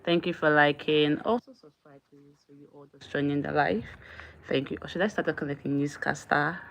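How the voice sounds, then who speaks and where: A woman's voice: deep voice, steady tone, a little fast, creaky, fairly bright tone, dull audio. A woman hosting her own live stream in casual chat, often thanking and greeting viewers as they join.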